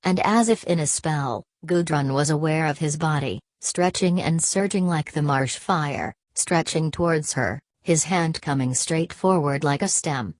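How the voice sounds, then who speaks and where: A woman narrating a classic novel as an audiobook, reading in a measured, even way. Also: deep voice, no room sound. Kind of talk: scripted narration.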